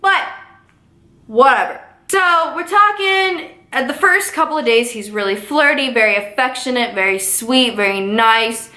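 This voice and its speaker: A young woman telling a story in a casual vlog, sassy and animated, full of slang. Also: on the high side, a little slow, echoey room. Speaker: vlogger.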